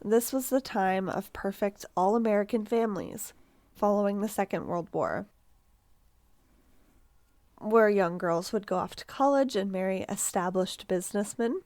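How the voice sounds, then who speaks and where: A woman's voice: mid-range voice, normal speed, darkish tone, no echo. A woman co-hosting a true-crime podcast, narrating in a casual, chatty way with asides and laughs. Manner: chatty, reads quotes aloud, laughs, swears casually. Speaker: podcast co-host.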